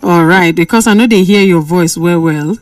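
A woman radio presenter speaking with a Nigerian Pidgin accent, lecturing listeners and bantering with callers in a lively, preachy way. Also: fairly low pitch, normal speed, no echo, faint music behind. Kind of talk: call-in radio talk.

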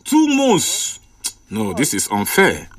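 A man with a Nigerian Pidgin accent hosting a casual radio call-in show. He chats with callers and greets them warmly. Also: on the high side, wildly swooping pitch, slow, a crowd in the background.

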